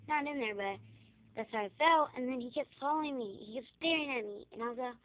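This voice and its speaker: A woman's voice: fairly high pitch, fairly quick. Chatty young girl on tinny lo-fi audio. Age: child. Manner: chatty, rambling, excitable. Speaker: vlogger giving a room tour. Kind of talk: casual room tour vlog. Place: child's bedroom, indoors. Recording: tinny lo-fi home camera audio.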